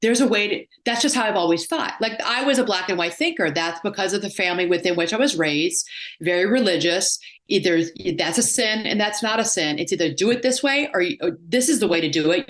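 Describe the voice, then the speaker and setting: A woman psychotherapist and life coach talking in a casual interview, telling stories and acting out the voices of people she quotes. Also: mid-range voice. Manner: animated storyteller, acts out quoted voices.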